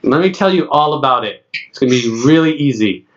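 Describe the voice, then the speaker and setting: A man's voice: mid-range voice, expressive, fairly quick. A man in his late thirties co-hosting a casual podcast, telling stories and acting out other people's lines. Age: late 30s. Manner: chatty storyteller, acts out other people's lines. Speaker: podcast co-host. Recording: dull lo-fi sound.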